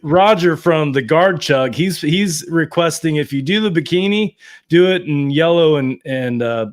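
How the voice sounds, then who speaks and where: A man with a slightly higher voice hosts a loose sports podcast chat. He jokes his way through a fan contest and its punishments. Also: a little slow. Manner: joking, running a contest segment. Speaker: podcast host. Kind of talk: casual chat.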